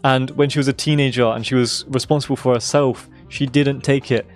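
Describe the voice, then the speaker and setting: A young man streaming a game, talking in an emphatic, repetitive way with swearing, his voice going hoarse. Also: mid-range voice, steady tone, fairly quick, soft background music. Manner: emphatic, swearing, repeating himself for stress. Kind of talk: casual live-stream rant.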